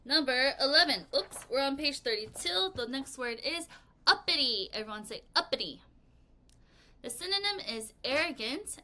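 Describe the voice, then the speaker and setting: A woman teaching English vocabulary in a lesson video, with a bright, clear voice pitched a little high. She keeps the delivery playful and expressive and has learners repeat each word back to her. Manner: playful, expressive, leads choral repetition.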